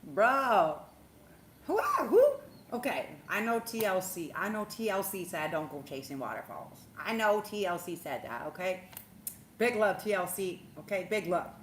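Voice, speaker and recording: A woman talks loosely and animatedly on a livestream, swearing and laughing as she rambles. Her voice sits low, and the room around her rings with echo. A faint hum lingers underneath. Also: expressive, moderate pace. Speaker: spiritual livestream host, tarot reader. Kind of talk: casual livestream chat. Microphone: phone.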